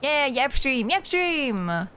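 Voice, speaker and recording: A woman's voice: high voice, sing-song, takes it slowly, fairly bright tone, slight background noise. A woman streaming a game live, chatting casually in a passionate way and laughing often. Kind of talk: casual live-stream chat while gaming.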